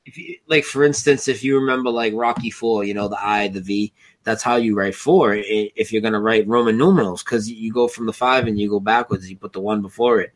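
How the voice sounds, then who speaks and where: A man's voice: fairly low pitch, a little fast. Guy co-hosting a chatty web show, swears a lot, keeps restarting sentences, sounds baffled. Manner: swears freely, incredulous, rambling restarts. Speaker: co-host. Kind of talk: casual online show chat.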